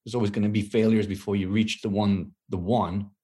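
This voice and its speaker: A man in a casual conversation, reflecting out loud with frequent restarts, his voice rising as he gets animated. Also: on the low side, brisk. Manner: reflective, restarts often, rises when animated.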